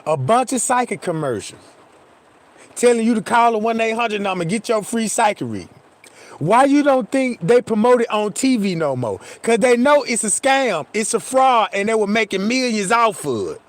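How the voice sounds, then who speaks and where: A man giving reaction commentary, animated and profane, who keeps turning to his viewers with questions. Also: sits high, normal speed.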